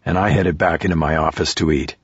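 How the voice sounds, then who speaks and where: A man narrating a thriller audiobook in a steady, measured way. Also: rumbling low, slightly rough, no echo. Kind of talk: scripted narration. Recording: dry, slightly dull recording.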